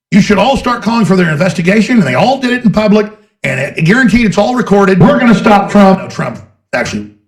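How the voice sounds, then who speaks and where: Gravelly, heated man ranting. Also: high-pitched. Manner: heated, sarcastic, mocking voices of opponents. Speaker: political commentator. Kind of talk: ranting political monologue.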